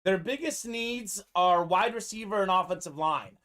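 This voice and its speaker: A man's voice: sits high, moderate pace, fairly bright tone. A man hosting a live-streamed sports card break, giving upbeat running commentary on teams and players.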